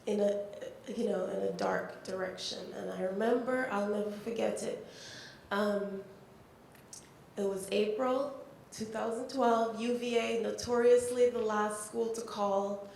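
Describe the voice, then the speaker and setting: Slow, halting woman in echoey hall. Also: fairly even intonation, vocal fry, darkish tone. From Jamaica. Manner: halting, heartfelt storytelling with many fillers. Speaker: poet and panelist. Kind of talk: symposium speech. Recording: very echoey hall, faint rumble.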